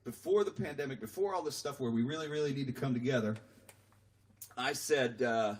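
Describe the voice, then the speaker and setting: A man's voice: medium pitch, moderate pace. A singer-songwriter man chatting casually with live-stream viewers between songs, rambling and self-deprecating as he reads their comments aloud from home. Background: acoustic guitar playing.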